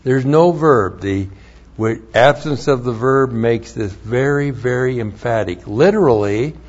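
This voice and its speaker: A man's voice: medium pitch, unhurried, darkish tone, dull audio. A man teaching a sermon, studying Hebrew words, who repeats key phrases and spells out letters with emphasis. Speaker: Bible teacher.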